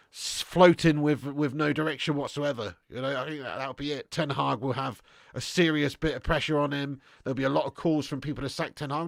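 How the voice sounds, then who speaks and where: Male streamer, high-pitched and dry, laddish sweary banter, tired. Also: creaky, fairly bright tone, no room sound. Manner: blokey, sweary banter, calls viewers lad. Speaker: football watch-along host. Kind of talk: live stream chat reading super chats.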